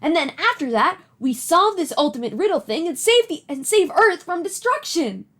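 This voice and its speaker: An eager young boy hero gushes with breathless, boyish excitement, as a woman puts him on. His voice rides high and leaps around a lot. He sounds keyed-up and ready for adventure. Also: unhurried, heavily acted. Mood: excited.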